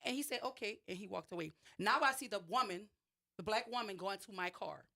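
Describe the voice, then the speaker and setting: A woman's voice: mid-range voice, lively intonation, brisk, creaky, bright, forceful tone. A woman with a New Orleans accent, a radio show guest recounting a personal story with emphasis and frequent restarts. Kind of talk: radio interview, personal account.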